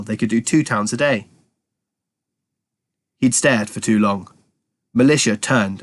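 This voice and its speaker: A man reading a children's story aloud in a lively, expressive way. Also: medium pitch.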